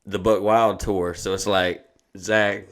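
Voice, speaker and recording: A man's voice: low-pitched, little pitch movement, slow pace, fairly bright tone. A man telling a long, profane, rambling story in casual podcast talk. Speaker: comedian.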